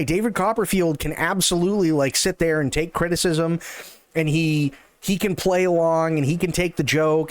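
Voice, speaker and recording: A man's voice: on the high side, clean tone, dry recording. A male streamer ranting in casual, profane, sarcastic chat on a live stream.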